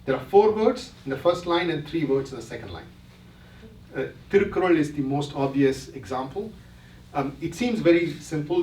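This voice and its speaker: Man presenting, slightly high voice, conversational, checks with listeners, echoey hall, mic far away. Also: darkish tone, a little hiss or hum. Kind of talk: explanatory talk to a retreat audience. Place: retreat hall. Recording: roomy hall, mic from a distance.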